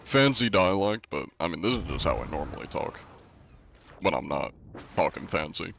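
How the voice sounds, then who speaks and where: A man's voice: very animated, moderate pace, vocal fry, a bit bright, slight background noise. A man streaming a game live, answering his chat in a wry, joking, rambling way. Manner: says he is often compared to a deep-voiced narrator.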